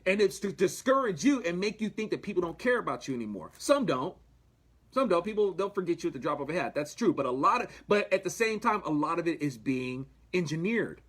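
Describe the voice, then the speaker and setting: A man hosting a casual livestream. He talks in a high, husky voice that rambles and restarts, with chuckling asides. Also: sing-song, fairly quick, a bit bright. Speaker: livestream host. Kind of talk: casual livestream Bible commentary.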